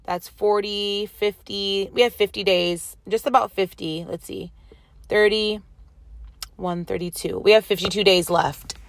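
A woman hosting her own podcast, telling stories in a casual, animated way, with lots of "like" and asides to her listeners. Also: mid-range voice, measured pace. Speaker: podcast host. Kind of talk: casual storytelling chat.

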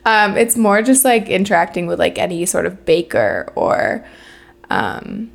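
A woman's voice: on the low side, very animated, unhurried, vocal fry. A young adult woman co-hosting a casual podcast chat, talking loosely with many fillers. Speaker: podcast co-host.

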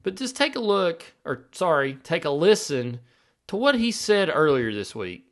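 A man hosting a podcast with an opinionated, sarcastic edge. He rants and piles up rhetorical questions. His voice sits a little high. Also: very animated, normal speed, a bit bright. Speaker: sports podcast host.

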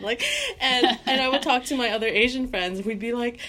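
A woman's voice: a little high, fairly quick. A young woman from Canada, chatting casually. She laughs often and fills her talk with "like". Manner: giggly, animated, lots of "like". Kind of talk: casual chat.

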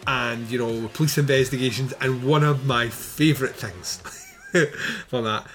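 A man's voice: medium pitch, fairly even intonation, unhurried, a bit bright, soft background music. A man co-hosting a podcast, chatting casually and animatedly about a film, laughing often and swearing freely. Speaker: podcast co-host reviewing a film. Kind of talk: casual chat.

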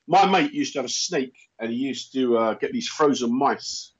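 A man chatting casually, riffing on absurd comic rants with a deadpan delivery. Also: medium pitch, normal speed, husky. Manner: deadpan rambling jokes, repeats lines. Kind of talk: casual comedic chat. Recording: dull lo-fi sound.

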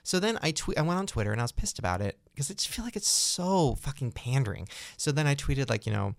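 A man's voice: medium pitch, quick pace, vocal fry, hardly any pauses, no echo, clean studio sound. A young man hosting a podcast, ranting casually with lots of swearing and laughter. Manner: animated, profane, rambling ranting with laughs. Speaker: podcast host. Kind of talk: casual chat.

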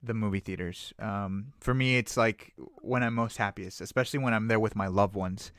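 A man's voice: on the low side, normal speed, dry recording. A man co-hosting a movie podcast, chatting casually and emphatically, repeating his points. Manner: animated, emphatic, repeats phrases. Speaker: podcast co-host.

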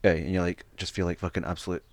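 Fast-talking sweary Scottish man. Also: sits low, level tone, dry recording. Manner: sweary, laughing, fast storytelling. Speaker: podcast co-host. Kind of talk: casual chat.

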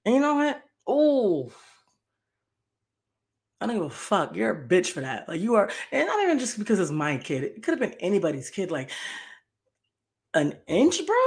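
On her podcast, a young female host rants through a story, heated, profane, and repetitive. Her mid-range voice is sing-song and a little mellow, at normal speed with long pauses.

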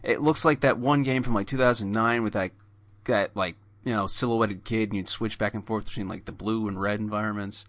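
A man's voice: lowish voice, fairly even intonation, brisk, a bit bright, no echo. A man co-hosting a casual gaming podcast, talking in hesitant bursts with lots of "like" and restarts. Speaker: podcast co-host.

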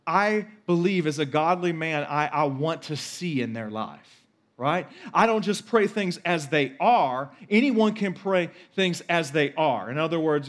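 A pastor in his forties delivers a sermon with emphatic insistence, circling back to repeat his key lines. His voice sits a touch higher than most men's.

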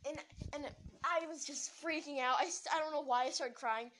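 A woman telling a story in a rambling, excited way, with lots of restarts and asides. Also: high voice, normal speed, noisy background. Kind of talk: casual storytelling.

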